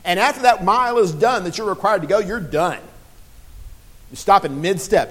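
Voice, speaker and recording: A man's voice: high-pitched, lively intonation, moderate pace, a bit bright. A man preaching a sermon in a conversational way, often restarting phrases and acting out quotes.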